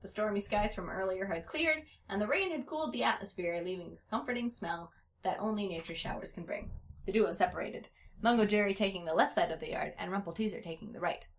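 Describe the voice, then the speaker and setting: A woman reading a story aloud in a playful, giggly way, pausing to chat. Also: mid-range voice.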